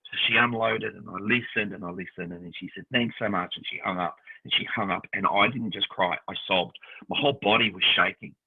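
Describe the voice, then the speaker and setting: A man co-hosts a casual chat, telling lively stories and slipping into the voices of the people in them. His voice has a husky grain. It comes through tinny, like a phone line. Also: lowish voice, a little fast. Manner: animated storyteller acting out quoted voices. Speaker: podcast co-host.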